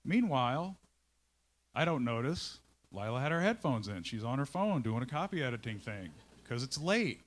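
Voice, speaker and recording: Male company leader on stage, storytelling talk, conversational and animated, acts out his own thoughts, middle pitch. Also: normal speed. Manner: conversational, checks in with listeners. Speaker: CEO giving a talk. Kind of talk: storytelling talk to a live audience.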